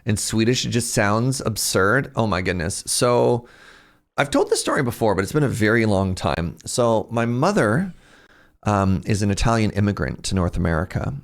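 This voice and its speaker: A man's voice: fairly low pitch, big pitch swings, moderate pace. A man streaming a game, chatting casually, reading chat messages aloud and reacting to them. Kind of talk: casual livestream chat while playing.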